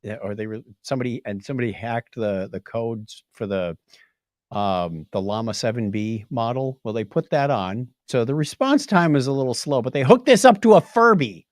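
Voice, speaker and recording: A man co-hosts a podcast, casually recapping tech news as an animated storyteller who reads quotes aloud in playful voices. His mid-range voice moves at a moderate pace in clean studio sound with no room sound.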